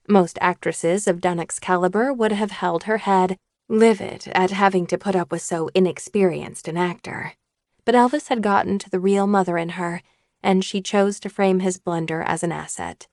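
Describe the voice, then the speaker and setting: A woman narrating an audiobook in a steady scripted reading. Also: medium pitch, moderate pace, no echo, clean studio sound.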